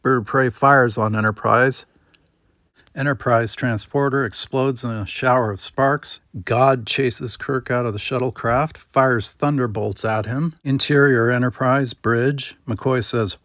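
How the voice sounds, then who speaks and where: A man reading screenplay stage directions aloud in a plain, steady manner. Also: mid-range voice, a little slow, dry recording, clean studio sound. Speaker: script reader.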